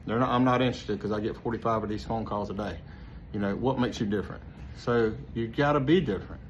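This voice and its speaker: A man with a relaxed, rambling manner, giving casual sales training full of fillers and restarts. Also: mid-range voice. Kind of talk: casual instructional talk. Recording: slightly dull lo-fi with faint noise.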